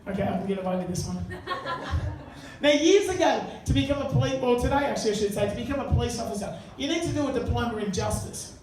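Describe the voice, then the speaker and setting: In a live pub venue, a male comedian delivers a crude, chatty stand-up set and banters with the audience, who laugh along. His very high voice is animated, fast and darkish, recorded by a faraway mic in an echoey room with slight background noise.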